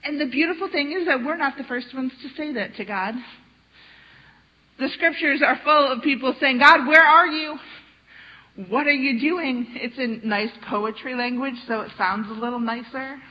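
Woman pastor, higher voice, chatty sermon delivery with rhetorical questions, muffled lo-fi recording. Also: moderate pace. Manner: conversational, with rhetorical questions to the congregation. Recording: dull lo-fi sound.

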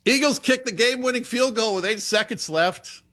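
A man delivering quick comedy jokes as a radio guest, laughing at his own punchlines. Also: very high voice, pushed and bright. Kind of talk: stand-up style joke delivery.

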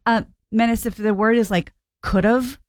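A woman's voice: fairly high pitch, steady tone, unhurried, dry recording, clean studio sound. A woman co-hosting a morning radio show, teasing and wry. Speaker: radio co-host.

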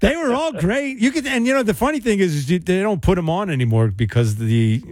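A man's voice: high-pitched, expressive, fast, a little mellow, no echo, clean studio sound. A man hosting a call-in radio show, chatting loosely with many fillers and restarts. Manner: rambling, hesitant with fillers. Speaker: radio host.

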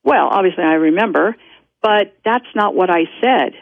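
A woman recounts a personal story down a thin, tinny telephone line. Her speech is dry and close, full of restarts and small laughs. Her pitch sits in an ordinary middle range. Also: normal speed, creaky, no room sound. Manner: rambling, self-interrupting, laughs often. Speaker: guest.

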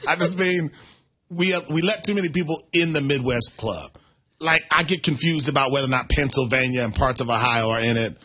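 Milwaukee man, sports talk co-host, husky and bright, easygoing and chuckling. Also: medium pitch, fairly quick. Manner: laid-back, laughs easily. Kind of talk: casual sports talk chat.

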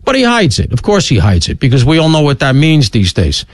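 A middle-aged man hosting a talk radio show, delivering an opinionated monologue with rapid asides and sudden swoops in pitch. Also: huge pitch swings, no echo. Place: radio studio.

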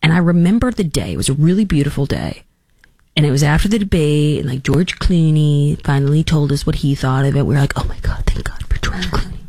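A woman's voice: deep voice, lively intonation, fairly quick, mellow, dry recording. A woman hosting a talk show, giving sarcastic, emphatic political opinions. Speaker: talk radio host.

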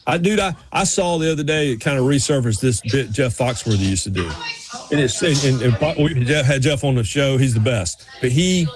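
A man's voice: medium pitch, a little fast. A man from North Carolina with a Southern accent, chatting as a sports radio co-host in a rambling, joking way. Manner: rambling, joking, many restarts. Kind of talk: casual chat.

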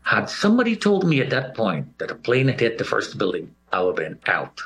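A man with a lowish voice speaks briskly, recalling something that happened to him. He tells it with animation and acts out other people's voices.

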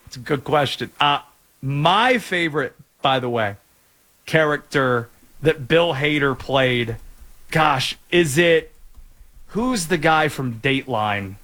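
A man from North Carolina hosting a sports talk show, chatting in a lively, jokey way with asides. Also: fairly high pitch, takes it slowly. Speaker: sports radio host.

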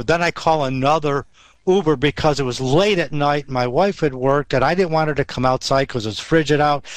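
A guest from Western New York shares his testimony, telling a personal faith story in a rambling way with many restarts and fillers. His voice is mid-range, and the recording has no echo.

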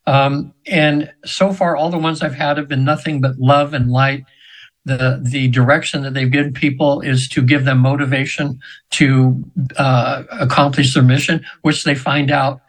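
A man's voice: mid-range voice, little pitch movement, unhurried, rough recording. A man in his seventies, a radio show guest, telling a spiritual story in an earnest, meandering way with frequent restarts. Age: 70s.

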